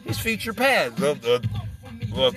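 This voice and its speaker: Over background music, an internet radio host delivers a meandering, foul-mouthed comic monologue and cracks himself up along the way. His voice is on the high side and sing-song, at a measured pace.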